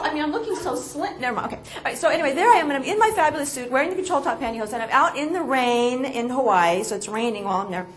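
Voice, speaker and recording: Animated New woman telling a story. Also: high-pitched. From New York. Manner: animated, self-mocking, expressive. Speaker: motivational speaker. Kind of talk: storytelling speech to an audience.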